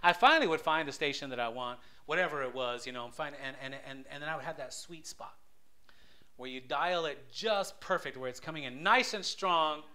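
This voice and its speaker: Guy preaching, kinda high bright voice, stumbles and restarts a lot then gets loud on the big points. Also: expressive, brisk. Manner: conversational storytelling, swells loud for emphasis; many restarts and stammers. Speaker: lay preacher. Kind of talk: sermon.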